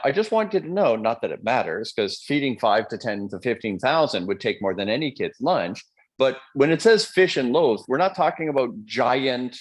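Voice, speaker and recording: A man giving a live-streamed motivational talk, joking and conversational, checking in with his audience with quick questions. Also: medium pitch, slightly rough. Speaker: motivational speaker.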